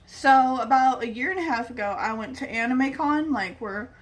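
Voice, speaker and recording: With a high-pitched voice at normal speed and a bit of hiss or hum in the recording, a young vlogger casually tells a rambling personal story. She acts out the words of the people she quotes.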